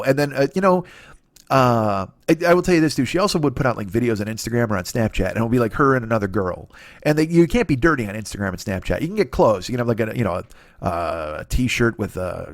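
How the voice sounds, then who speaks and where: This podcast host, a man in his forties, delivers a quick, crude, meandering comedy riff in an expressive medium-pitched voice. He keeps interrupting himself to toss in short silly impressions, and the audio is dry and close with no room around it.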